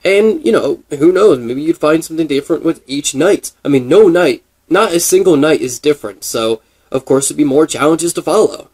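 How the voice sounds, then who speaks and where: A man's voice: on the high side, lively intonation, moderate pace, hardly any pauses, darkish tone, slight background noise. A man in casual gaming commentary, rambling and thinking aloud with many fillers and restarts. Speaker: gaming video creator.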